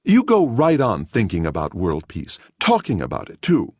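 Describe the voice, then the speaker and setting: A man's voice: fairly low pitch, wildly swooping pitch, normal speed, darkish tone, slightly rough, no echo, pitched above the performer's own voice, heavily acted. An earnest, kindly woman in her fifties with a fussy, pitying way of talking, put on by a male audiobook narrator. Her voice sits well above his usual register and swoops about as she frets over the stranger, all in a dry, close storybook recording.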